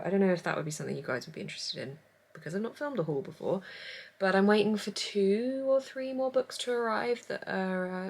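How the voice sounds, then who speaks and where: A young woman chatting casually in a vlog about her reading, rambling and laughing often. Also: medium pitch. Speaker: book vlogger.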